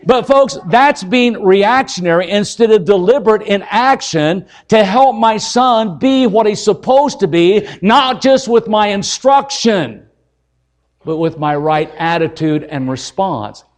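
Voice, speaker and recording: A man's voice: sits high, expressive, a little slow. A middle-aged man, an evangelist, preaching a folksy, humorous sermon and keeps checking in with the crowd.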